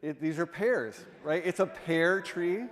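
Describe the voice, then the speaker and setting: In no hurry, an artist in residence with a somewhat high voice delivers a jokey illustrated talk to a congregation, throwing questions at the crowd. His words echo at length through the church sanctuary.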